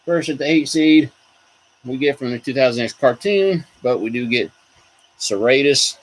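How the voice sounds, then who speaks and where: A man's voice: mid-range voice, normal speed, poor audio. A man hosting a casual video, rambling about collectible figures and reacting to viewer comments. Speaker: toy collector host. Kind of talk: casual chat.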